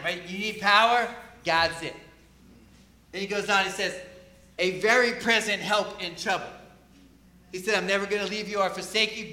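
High, bright-voiced male preacher. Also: roomy sound. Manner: emphatic, rising to loud peaks then dropping low. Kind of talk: sermon.

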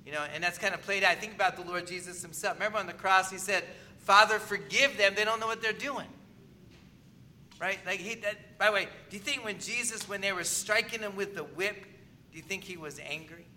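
A man's voice: high voice, quick pace, bright, forceful tone, a little hiss or hum. A man preaching a sermon as pastor, in a conversational manner, often asking the congregation whether they agree.

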